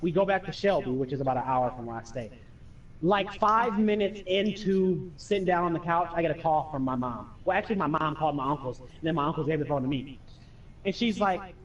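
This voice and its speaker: A man's voice: fairly high pitch, fast, recorded from a distance, highs cut off, slight background noise. A young man casually telling profane stories over gameplay, acting out his friends and family. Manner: animated, profane, acts out quoted friends and family. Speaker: streamer telling stories while playing.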